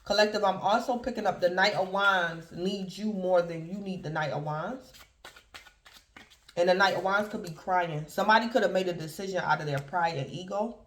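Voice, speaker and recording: Man, tarot reader, casual rambling delivery, high pitch, echoey room. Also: moderate pace, fairly bright tone. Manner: rambling, keeps addressing listeners as "collective". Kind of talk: casual tarot reading to viewers. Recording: roomy echo.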